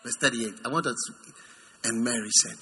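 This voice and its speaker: A man preaching a sermon in an animated way. He acts out figures in put-on voices and swings between high mocking tones and low, intimate ones. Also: normal speed, a little hiss or hum.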